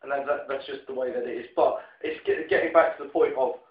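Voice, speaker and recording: A man's voice: mid-range voice, fast. A man from Ireland co-hosting a casual podcast chat, rambling and restarting his sentences as he goes. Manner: rambling, restarts with "it's just". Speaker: podcast co-host. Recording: roomy, dull lo-fi room sound.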